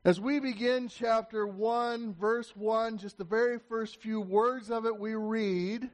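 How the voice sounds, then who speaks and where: A pastor with a strikingly high voice delivers an emphatic sermon, stumbling through quick restarts before driving his points home. He raises his voice now and then to call out to the congregation. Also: fairly even intonation.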